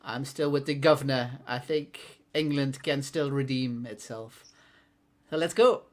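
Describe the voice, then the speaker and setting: A man co-hosting a casual online stream. He talks in an easygoing, chatty way at a middling pitch, laughs often and pauses on plenty of fillers. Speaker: co-host. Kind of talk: casual livestream chat.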